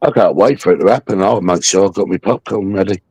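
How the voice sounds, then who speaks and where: A man's voice: low-pitched, quick pace, a little mellow, husky, no echo. A man hosting a livestream, taunting a viewer in a mocking, aggressive rant full of swearing. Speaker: livestream host.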